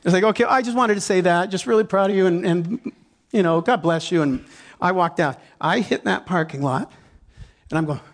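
A man preaching a sermon, telling a story with lively acted-out inner dialogue and frequent laughter, then leading a prayer. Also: high-pitched, a little slow, long pauses. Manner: animated, acts out inner dialogue, laughs often. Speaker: pastor.

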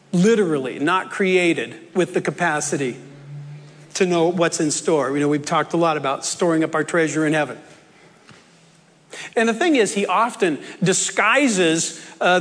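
A man's voice: sits high, a bit bright, long reverb tail. A man preaching a sermon in an earnest, conversational way, with asides and jokes, in a church.

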